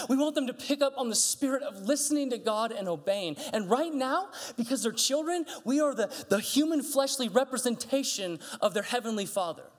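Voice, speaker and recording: A middle-aged pastor with a voice that sits high for a man tells stories in a sermon from a church stage. He's animated, acting out the dialogue with big jumps in pitch, and a long hall reverb trails off each phrase.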